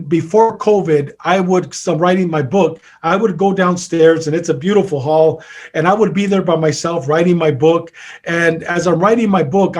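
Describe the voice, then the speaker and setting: High-voiced older man telling a story. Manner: earnest, retells with many quoted exchanges. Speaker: peer counselor and author. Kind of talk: storytelling in an interview.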